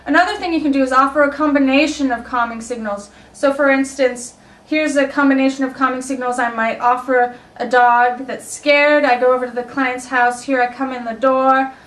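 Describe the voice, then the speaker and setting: Woman dog trainer, high voice, roomy echo, mic at a distance, casual teaching. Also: fairly even intonation, moderate pace, fairly bright tone. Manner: friendly explaining, demonstrating yawns and sighs. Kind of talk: casual instructional video. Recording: echoey room, mic at a distance.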